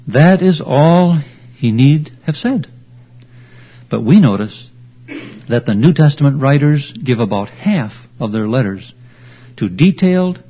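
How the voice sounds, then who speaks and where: A man preaching an expository sermon, slow, deliberate and emphatic as he teaches. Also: fairly high pitch. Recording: dull lo-fi recording.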